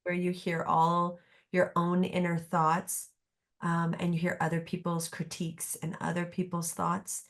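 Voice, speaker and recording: A woman's voice: lowish voice, completely flat delivery, a little slow. A middle-aged woman therapist speaking as a podcast guest, reflective and earnest, often restarting her sentences. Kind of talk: podcast conversation.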